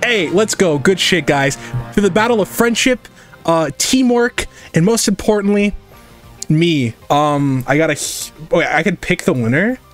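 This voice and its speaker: Animated young man streaming with music. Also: unhurried. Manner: joking, self-mocking, swears a lot; mocks chat in high squeaky voices. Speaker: art streamer. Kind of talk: casual livestream chat. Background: faint music.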